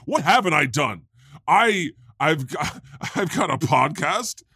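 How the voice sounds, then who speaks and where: A man's voice: fairly high pitch, big pitch swings, takes it slowly, bright, forceful tone, husky, no echo, studio quality. A man riffing as God on an improvised comedy podcast, rambling and jokey, often laughing. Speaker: podcast host playing God.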